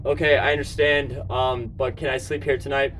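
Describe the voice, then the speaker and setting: A man filming himself at a shelter door, speaking haltingly and repeating words, then venting with growing agitation. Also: medium pitch, little pitch movement, a bit bright, slight background noise. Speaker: person seeking shelter. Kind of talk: filmed confrontation and venting.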